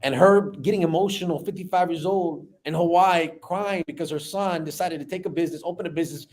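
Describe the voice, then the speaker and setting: A man in his thirties, a business owner telling an emotional personal story in an animated way, often repeating words. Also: fairly high pitch, a little fast.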